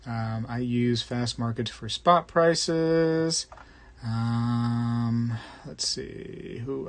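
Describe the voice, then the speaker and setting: A man hosts a live stream in a loose, chatty way, reading out viewer comments and joking with them by name. His voice sits at an ordinary middle pitch. He rambles and drifts easily from one topic to the next. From Florida. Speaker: host of a live coin collecting stream.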